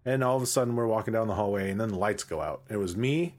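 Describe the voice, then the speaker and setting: Rather low-voiced man telling a story. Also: fast talker. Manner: animated, filler-heavy storytelling. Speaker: guest actor. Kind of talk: casual podcast storytelling.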